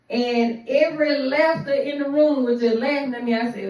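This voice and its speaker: Woman, high voice, animated profane storyteller, distant echoey room mic. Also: normal speed, hardly any pauses. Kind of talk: casual storytime monologue.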